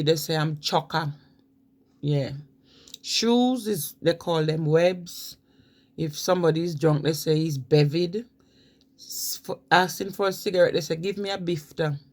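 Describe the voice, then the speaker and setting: Speaking in a low-pitched, somewhat mellow voice, a woman vlogs casually about how people talk in different places. Along the way she spells out words letter by letter and imitates regional accents and local pronunciations.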